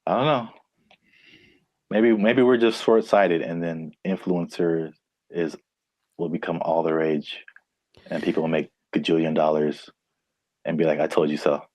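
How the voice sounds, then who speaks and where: A man's voice: deep voice, fairly even intonation, unhurried, pauses often, darkish tone, dry recording. A man co-hosting a casual podcast, joking and laughing with his partner. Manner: playful, jokey, laughs often. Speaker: podcast co-host. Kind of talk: casual banter.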